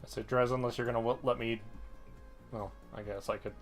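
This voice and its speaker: A man playing a tabletop game, speaking in character in a dry, measured way. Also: mid-range voice, fairly even intonation, faint music behind. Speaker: player.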